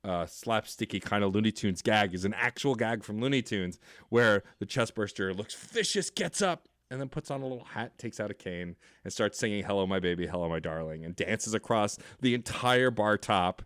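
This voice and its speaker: A man's voice: lowish voice, moderate pace, fairly bright tone, no room sound, clean studio sound. A man guesting on a podcast, recapping a film scene with upbeat enthusiasm. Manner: enthusiastic, laughs often. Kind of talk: casual film recap chat.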